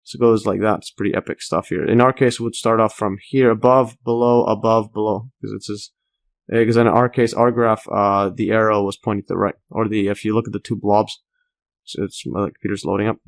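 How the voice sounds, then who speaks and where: A man's voice: on the low side, fairly even intonation, a little fast, creaky. A man explaining a math graph as he works, thinking aloud with many fillers, restarts and enthusiastic asides. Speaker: math tutor. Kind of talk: casual screen-recorded math walkthrough.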